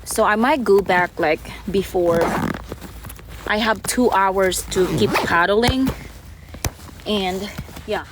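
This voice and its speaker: A woman chatting casually on a live stream while paddling outdoors, giggly and easily excited. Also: medium pitch, takes it slowly, pauses often, background noise.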